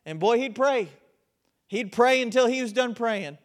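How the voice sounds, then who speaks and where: Middle-aged pastor guy preaching hard, high voice, gets loud then drops real quiet. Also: lively intonation, a little slow. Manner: impassioned preaching, swings between loud emphasis and quiet intensity. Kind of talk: sermon.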